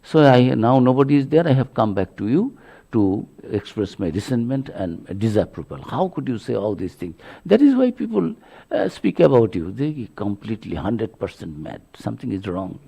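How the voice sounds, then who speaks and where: A man, a monk, giving a religious lecture full of stories, speaking haltingly with many fillers. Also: lowish voice, sing-song, gravelly, mellow, breathy edge. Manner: halting delivery, many fillers, acts out quotes.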